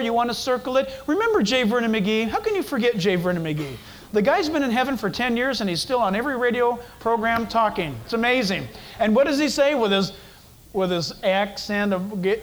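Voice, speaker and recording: A man's voice: very high voice, very animated, moderate pace, poor audio. A man preaching a sermon as pastor, emphatic and repetitive, firing rhetorical questions at the congregation.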